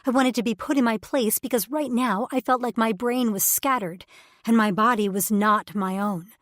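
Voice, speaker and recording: A woman's voice: fairly high pitch, normal speed, no room sound, clean studio sound. A woman reading a first-person romance audiobook in an intimate, emotive way. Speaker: audiobook narrator.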